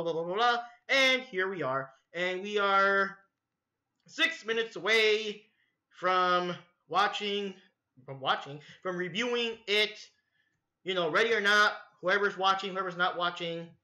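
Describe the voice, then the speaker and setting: Bright, rambling male livestream host. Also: high voice, reverberant, low-quality recording. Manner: rambling, loose, swears freely. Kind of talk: casual livestream chat.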